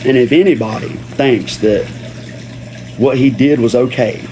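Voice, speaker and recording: A man's voice: medium pitch, a little slow, mellow, a little hiss or hum. Man ranting angrily on a livestream. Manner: profane, slangy, repeats himself for emphasis. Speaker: livestream host. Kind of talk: heated livestream rant.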